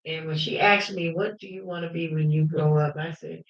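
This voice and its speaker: A woman hosting a livestream, telling personal stories with emphatic fervor that at times rises to shouting. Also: low voice, measured pace. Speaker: livestream host. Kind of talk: fervent personal storytelling. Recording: roomy, dull lo-fi livestream audio.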